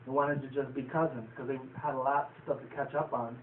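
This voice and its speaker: A male vlogger reviewing a cartoon episode rambles through a casual, profane recap, chuckling as he goes. His mid-range voice is fairly quick with little pitch movement. The lo-fi audio is tinny and echoey, like a phone, with faint hiss, and he sounds distant from the mic.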